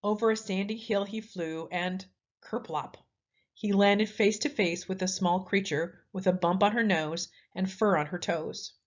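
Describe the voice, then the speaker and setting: A woman reading a children's picture book aloud in a lively, expressive way. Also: medium pitch, measured pace. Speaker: storyteller. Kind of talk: children's story read-aloud. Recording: slightly dull lo-fi audio.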